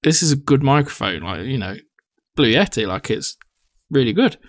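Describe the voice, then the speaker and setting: A man's voice: medium pitch, sing-song, moderate pace, no echo, clean studio sound. A young man, co-hosting a casual podcast chat, talkative and swearing freely. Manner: chatty, swears casually, acts out quotes. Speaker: podcast co-host.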